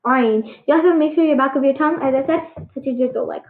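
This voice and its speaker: A woman giving a casual pronunciation lesson on letter sounds, halting and full of fillers, encouraging her students. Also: sits high, steady tone, slight background noise. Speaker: Arabic alphabet teacher. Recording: echoey, tinny phone-like sound.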